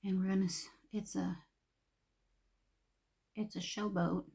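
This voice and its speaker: A woman's voice: mid-range voice, flat delivery, measured pace, gravelly, darkish tone. An older woman chatting while getting ready, emotional and confiding, sometimes dropping to a whisper. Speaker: vlogger.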